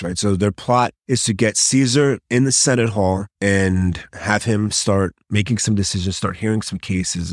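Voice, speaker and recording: A man's voice: deep voice, no echo, studio quality. A male podcast host retelling a play in a casual storytelling way, often tagging his sentences with questions to the listener.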